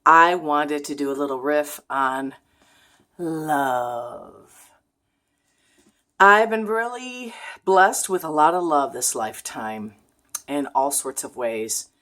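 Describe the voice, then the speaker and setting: Casting: low-pitched woman vlogger, unhurried, frank and emphatic. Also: big pitch swings, fairly bright tone. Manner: frank, emphatic, laughs while talking. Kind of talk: casual talking-head vlog.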